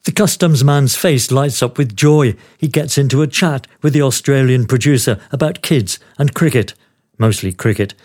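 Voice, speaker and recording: A man's voice: medium pitch, moderate pace, a little mellow. An older man narrating his own travel memoir as a podcast host, with a wry, dry humor. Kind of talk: memoir storytelling.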